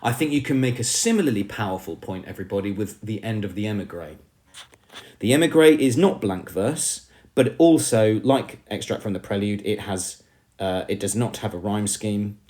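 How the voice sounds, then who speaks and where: English male teacher, lower voice, lively classroom explainer. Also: moderate pace. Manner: emphatic, addresses the class as everybody. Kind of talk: classroom lesson on poetry.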